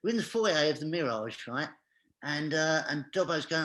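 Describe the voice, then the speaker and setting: A man's voice: a little high, very animated, brisk, a bit bright. A man, a guest on a chat show, telling a comic anecdote and acting out each scene with animation.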